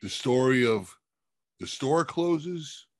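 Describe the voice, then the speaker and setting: A man talking casually as a podcast co-host, explaining things in quick bursts with fillers. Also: medium pitch, expressive, no room sound, clean studio sound. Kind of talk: casual discussion.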